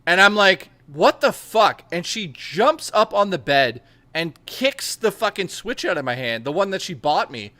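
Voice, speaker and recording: A young man in casual chat, telling crude, animated stories with plenty of swearing and laughter. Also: sits high, normal speed, no room sound.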